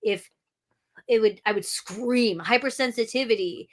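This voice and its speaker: A woman's voice: fairly high pitch, a little slow. Frank, outspoken woman guest. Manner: frank, swears freely, many restarts. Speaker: podcast guest, audiobook narrator. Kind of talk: candid interview talk.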